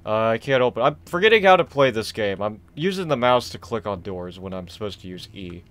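A young man casually commenting on a horror game he is playing, rambling, excitable and self-deprecating. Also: on the low side, fairly quick. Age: young adult. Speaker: gaming channel host. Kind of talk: casual let's-play commentary.

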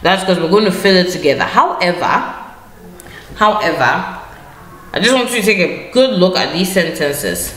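A woman's voice: on the low side, expressive, normal speed, a bit bright. A woman teaching an online grammar lesson over a screen share, patient, repeating key phrases and correcting herself as she goes. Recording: echoey room with faint ambient noise.

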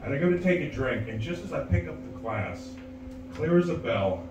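A man's voice: a little high, moderate pace, over music. A man performing stand-up comedy, telling a long story and acting out other people's voices. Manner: animated, acts out characters' voices. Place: comedy club stage. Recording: roomy, distant live club recording. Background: audience laughter.

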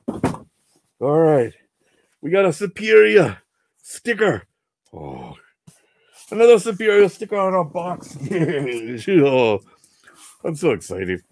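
A man playing Venom, a boastful alien symbiote, in a goofy, excitable in-character comic unboxing. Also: a little high, vocal fry, exaggerated voice. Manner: goofy, excitable, answers himself with "yes".

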